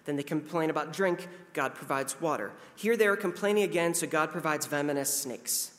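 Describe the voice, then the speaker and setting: A pastor in his thirties gives a casual, conversational sermon, self-deprecating and now and then acting out voices. His voice is a little high, fairly quick and fairly bright, with long hall reverb on the recording.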